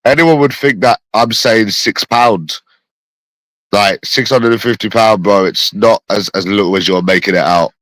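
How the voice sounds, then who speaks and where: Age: adult. Sex: man. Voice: phlegmy, lowish, dry close mic. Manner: repetitive rambling rant. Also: normal speed, fairly bright tone, dry recording, low-quality recording. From London. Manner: repetitive, ranting, mumbled and profane. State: phlegmy with a cough. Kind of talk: casual rambling monologue.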